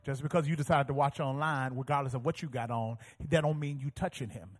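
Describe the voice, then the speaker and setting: A man voicing a calm, authoritative male spiritual teacher who speaks in a lower, measured, solemn way. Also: big-room sound, natural voice.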